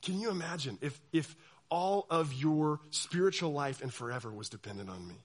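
A young man preaches to a youth crowd, his voice sitting high for a man. He is animated, breaking into the voices of the people he describes. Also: normal speed. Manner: animated, acts out quoted voices. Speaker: youth pastor. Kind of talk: sermon.

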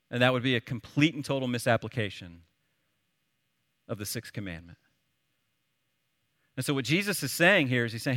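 A man in his thirties preaching a sermon, telling a family story in an animated, conversational way. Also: medium pitch, moderate pace, long pauses, dry recording, studio quality, in a large hall. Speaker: pastor.

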